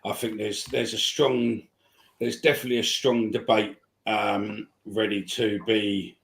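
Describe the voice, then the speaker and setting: A man's voice: lowish voice, flat delivery, measured pace, vocal fry, fairly bright tone. A man hosting a football fan podcast, talking in a loose rambling way. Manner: rambling, lots of ums and restarts. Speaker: podcast host. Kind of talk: casual chat.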